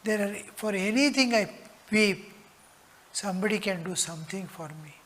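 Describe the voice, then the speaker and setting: Male monk teacher, high voice, unhurried spiritual talk that sinks to whispers, long hall reverb. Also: fairly bright tone. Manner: slow, earnest, dropping to whispers. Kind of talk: spiritual discourse.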